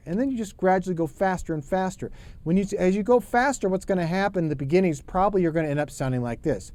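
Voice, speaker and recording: A middle-aged man teaching a drum lesson, talking in a relaxed, chatty way and singing rhythm syllables. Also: a little high, fast.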